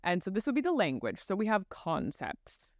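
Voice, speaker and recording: A woman's voice: mid-range voice, huge pitch swings, moderate pace, no room sound, clean studio sound. A woman who is a guest expert on child speech, explaining step by step in a podcast interview and acting out examples as she goes.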